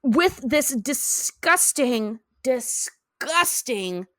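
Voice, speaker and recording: Woman podcast host retelling a cartoon plot, super lively pitch, kinda high voice. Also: extremely slow, no room sound, studio quality. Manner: animated, laughing storyteller. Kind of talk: casual chat recapping a cartoon episode.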